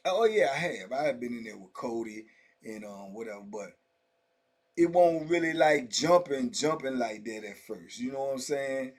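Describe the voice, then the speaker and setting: A man's voice: mid-range voice, animated, moderate pace. Slangy middle-aged man telling stories. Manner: loose, slangy, full of "you know what I'm saying" asides. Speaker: storyteller recounting prison life. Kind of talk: casual first-person storytelling.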